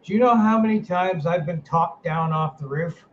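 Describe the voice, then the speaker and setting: A middle-aged man hosting a casual podcast chat, running a paranormal team, ranting with animated energy and swearing freely. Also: sits high, normal speed, hardly any pauses. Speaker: paranormal team director, host. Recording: slightly dull sound, faint noise.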